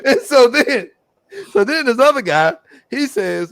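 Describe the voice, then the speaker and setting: A man with a gravelly, somewhat high voice, recorded close and dry. He co-hosts a podcast and retells movie scenes with excitement. His pitch moves a lot as he talks. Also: measured pace, dry recording. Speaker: podcast co-host. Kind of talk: casual movie recap chat.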